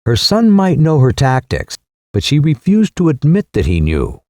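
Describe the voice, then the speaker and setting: A man narrating a classic novel as an audiobook in a measured, expressive way. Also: on the high side, no echo, studio quality. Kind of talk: scripted narration.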